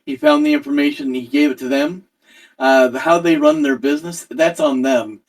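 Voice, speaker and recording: A man playing a tabletop game, measured and formal when in character. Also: fairly high pitch, expressive, creaky, distant mic. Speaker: player.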